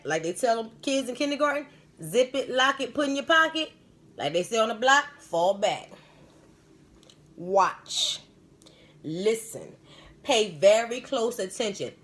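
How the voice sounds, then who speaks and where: Woman, live-stream host, spiritual medium, rambling, emphatic, slangy, lively pitch. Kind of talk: live-stream storytelling and advice.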